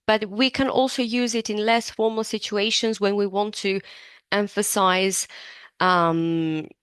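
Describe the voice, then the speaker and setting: A woman's voice: mid-range voice, fairly bright tone, smooth, no echo. A woman teaching an English lesson, explaining phrases patiently and breaking words down step by step. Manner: admits to digressing.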